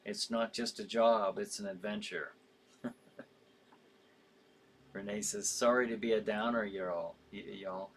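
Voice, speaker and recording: A man's voice: fairly low pitch, steady tone, unhurried, long pauses. A man hosting a live show in casual chat, reading out viewer comments with sympathy, rambling with frequent fillers and easy laughs.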